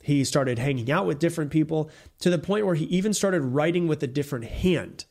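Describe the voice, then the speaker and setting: Guy with a slightly high voice doing a solo motivational podcast, blunt, keeps hammering the same point, swears here and there. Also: brisk, gravelly, darkish tone. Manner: blunt, emphatic, repetitive, swears casually. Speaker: podcast host.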